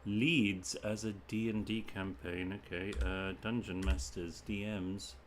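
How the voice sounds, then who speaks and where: A man from the UK reads crossword clues aloud at an unhurried pace and mutters guesses in short bursts. His voice sits on the low side. Faint keyboard typing and room noise sit behind him at a home desk. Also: level tone. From United Kingdom. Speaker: streamer solving crosswords. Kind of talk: thinking aloud while solving.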